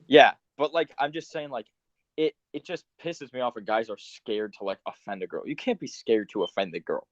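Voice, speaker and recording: A man's voice: mid-range voice, normal speed, no echo. A young man in his late teens in a casual chat, talking heatedly and full of "like" fillers. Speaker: guest. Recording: dry, dull lo-fi sound.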